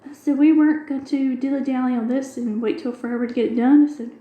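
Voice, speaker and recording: A middle-aged woman who hosts craft videos chats casually while diamond painting, retelling a long everyday story with quoted dialogue. Her voice sits high with fairly even intonation, and she talks fast. The recording is muffled and the room is echoey.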